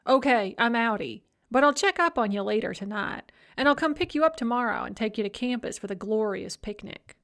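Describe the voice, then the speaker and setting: Brief: a woman doing a brisk, blunt gal pal, gruff and clipped, slightly raised voice. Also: a little high, animated, a bit bright. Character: blunt, caring woman friend, brisk and teasing.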